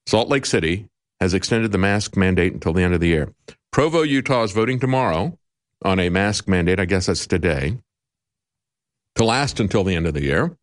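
A male talk show host giving emphatic, indignant commentary with sarcastic asides. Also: fairly low pitch.

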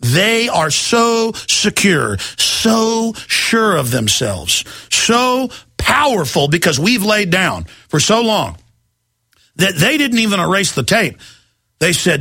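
Male talk radio host, high, piercing voice, dry sound, heated and emphatic ranting. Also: big pitch swings, a little slow, pushed and bright, breathy edge, no echo.

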